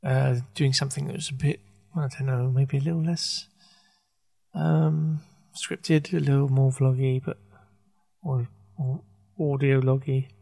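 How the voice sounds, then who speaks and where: A man muses aloud on his podcast in a loose, unscripted ramble. He stops and restarts often, hunting for words, and slips in dry asides. His voice sits at an everyday middle pitch for a man. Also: little pitch movement, vocal fry, mellow. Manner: halting, full of fillers and self-corrections, wry. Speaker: podcast host. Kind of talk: rambling casual monologue.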